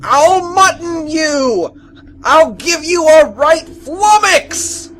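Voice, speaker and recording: A man voicing a huge, greedy male monster that bellows its threats slowly and loudly in a storybook tale. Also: very high voice, lively intonation, voice pushed up, heavily acted. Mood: menacing bellow.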